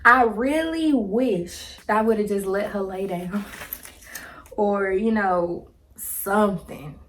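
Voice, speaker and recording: A woman in her twenties, a vlogger telling a casual story to a phone camera, slangy and animated, laughing as she talks. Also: mid-range voice, takes it slowly, a little hiss or hum. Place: indoors, home filming with ring light.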